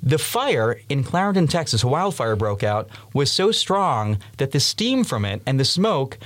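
A man in his twenties from Massachusetts, a student guest on a podcast, telling lively stories and laughing now and then. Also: mid-range voice, measured pace. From Massachusetts, USA. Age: 20s. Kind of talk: storytelling in an interview.

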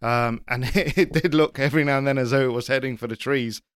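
A man's voice: medium pitch, fast talker, clear, resonant tone, no echo, studio quality. A man chatting as a rally journalist, telling stories with energy and arguing back firmly. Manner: animated storyteller, argues back firmly. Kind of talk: casual chat.

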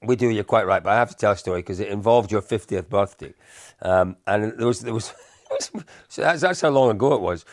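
A middle-aged man, a podcast co-host, telling animated anecdotes in casual chat with frequent laughs. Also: lowish voice, a little fast, dry recording, clean studio sound.

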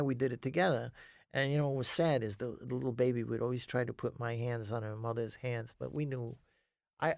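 A man's voice: mid-range voice, gravelly, a little mellow, no room sound, clean studio sound. Profane, rambling storytelling man. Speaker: interview guest. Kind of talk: storytelling in a conversation.

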